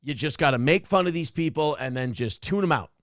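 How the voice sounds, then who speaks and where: A man's voice: fairly high pitch, animated, a little fast, fairly bright tone, dry recording, clean studio sound. A man hosting a talk show, giving blunt, profane commentary on a clip in a casual, ranting way. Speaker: show host.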